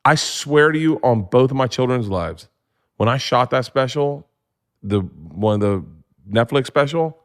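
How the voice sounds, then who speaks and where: A man telling stories as a comedy guest, excitable and profane, often restarting with "like". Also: medium pitch, a little slow. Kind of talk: casual storytelling.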